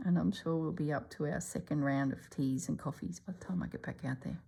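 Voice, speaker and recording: A middle-aged woman, chatting casually as she stitches for her channel and often dropping to a soft whisper. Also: low voice, fairly quick, vocal fry, husky. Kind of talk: casual stitching vlog chat.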